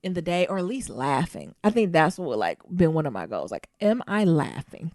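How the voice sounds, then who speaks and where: A woman's voice: low voice, big pitch swings, fairly quick, darkish tone, no echo, studio quality. A woman co-hosting a podcast, talking candidly and animatedly, often turning to speak straight to her listeners. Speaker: podcast co-host. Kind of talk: casual chat.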